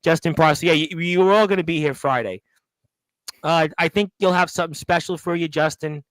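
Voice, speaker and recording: A man's voice: on the high side, fairly even intonation, brisk, a bit bright, no room sound, rough recording. A man from Brooklyn hosting a casual live talk show, reading chat comments aloud with jokes. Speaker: host.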